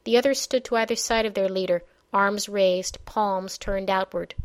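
A woman narrating a fantasy audiobook in a measured, even storytelling manner. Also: medium pitch, clean tone.

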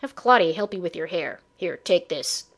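A woman reading a stern, gruff old duke. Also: fairly low pitch, lively intonation, normal speed. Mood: curt. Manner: curt, dismissive. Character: gruff stern male duke, older uncle.

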